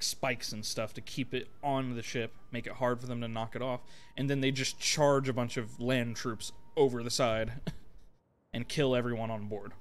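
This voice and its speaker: A young man at a desk mic talking through a strategy game, loose and unscripted. He rambles and swears casually, with plenty of fillers and restarts. His voice sits at an average pitch for a man. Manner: rambling, profane, with frequent fillers. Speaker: gameplay video host. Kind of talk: casual gameplay commentary.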